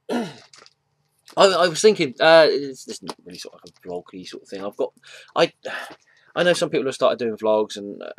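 A comic book vlogger with a lowish voice chats casually about comics in a room at home, with no echo. His talk rambles, full of fillers, restarts, and self-deprecating asides.

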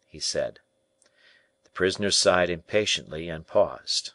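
A man narrating an audiobook in an even, measured way. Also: low voice, no room sound. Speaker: audiobook reader. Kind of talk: scripted narration.

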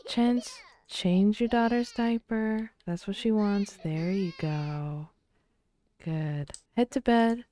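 A woman giving casual commentary while playing a life-sim game, soft-spoken and often half-whispering, close to the mic. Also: mid-range voice, takes it slowly, a little hiss or hum. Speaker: let's play creator.

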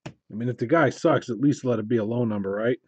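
A man hosts a live card break, opening packs and calling out his pulls, muttering to himself between low asides and excited call-outs. His voice is fast and slightly rough.

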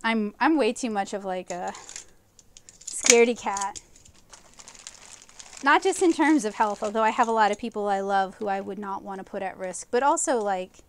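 A woman's voice: medium pitch, moderate pace, a little hiss or hum. A woman comic artist chatting enthusiastically through a live watercolor painting tutorial, rambling with fillers as she loses her voice. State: losing her voice.

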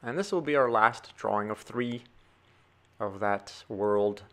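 A man's voice: lowish voice, a little slow, fairly bright tone. A man giving a chatty drawing tutorial, talking to viewers as he sketches. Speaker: drawing teacher.

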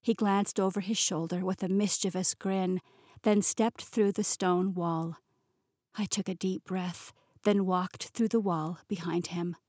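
A woman reading a first-person fantasy novel as a professional audiobook narrator, in a smooth, even-paced telling. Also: on the low side, measured pace, no echo, studio quality. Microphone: close studio mic.

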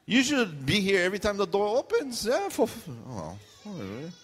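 Guy pastor joking around mid-sermon, kinda high voice, big echoey church sound. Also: wildly swooping pitch, fairly quick, a crowd in the background. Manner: joking, acts out what the congregation thinks. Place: church sanctuary.

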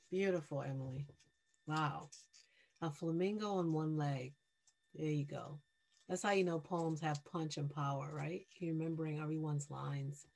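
Low-voiced woman leading a poetry workshop. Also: vocal fry. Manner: affirming, conversational, quick to praise.

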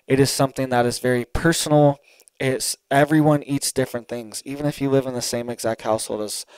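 A man's voice: mid-range voice, a little mellow, clear, resonant tone, no echo, low-quality recording. A man giving solo commentary to camera, urgent and emphatic, who keeps checking in with his listener. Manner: urgent, emphatic, keeps asking "all right?". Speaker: online commentator.

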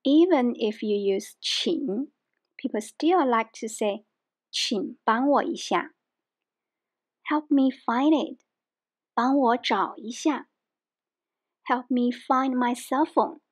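Woman as a video language teacher. Unhurried and methodical, with a raised pitch. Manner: slow, careful explanations with example phrases.

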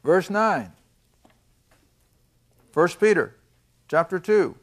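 Slow, high-voiced older man teaching scripture. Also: animated. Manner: emphatic, asks the class questions and answers them himself; reads scripture slowly, then explains it. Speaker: Bible teacher. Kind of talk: Bible lesson to a class.

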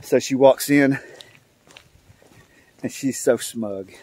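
A man's voice: medium pitch, a little mellow, slight background noise. Older man rambling through a joke. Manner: rambling, drawn-out storytelling with many fillers. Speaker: channel host. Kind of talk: casual joke telling.

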